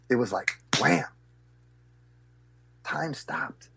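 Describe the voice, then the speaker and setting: A man, a speaker and business coach, telling animated stories in an interview and acting out the voices of others. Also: a little high, slow, gravelly, pauses often, background noise. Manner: acts out voices and gasps, lively and expressive. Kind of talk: animated storytelling in a podcast interview.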